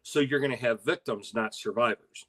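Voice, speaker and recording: A man's voice: mid-range voice, moderate pace, a bit bright, husky. An older man co-hosting a casual talk stream, easygoing, with fillers and frequent laughs. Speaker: co-host. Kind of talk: casual chat.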